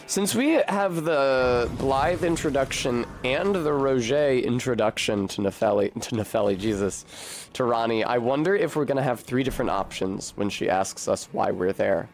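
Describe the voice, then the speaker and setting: A man's voice: medium pitch, normal speed, soft background music. A man streaming a video game, chatting casually in a rambling, profane and wry way. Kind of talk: casual gameplay commentary.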